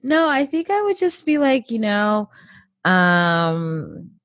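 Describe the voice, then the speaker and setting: A woman's voice: mid-range voice, slow, no echo, highs cut off. A woman in her thirties, a comedian guest, talking casually and animatedly with plenty of fillers. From United States. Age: 30s. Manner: animated, upbeat, lots of fillers. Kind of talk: casual interview chat.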